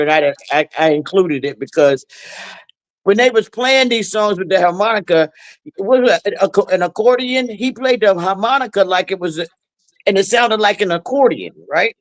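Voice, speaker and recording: A man host telling a halting story in casual talk-show banter, restarting his sentences often. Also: high-pitched, dry recording, rough recording.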